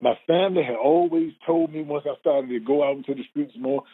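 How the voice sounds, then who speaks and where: A man with a husky, breathy voice tells his story with deep earnestness and often repeats words as emotion catches up with him. His pitch sits in an ordinary middle range. The sound is narrow and tinny, like a phone line. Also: a little fast, few pauses. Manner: earnest, repeats words when moved, acts out quoted speech. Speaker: guest telling his life story.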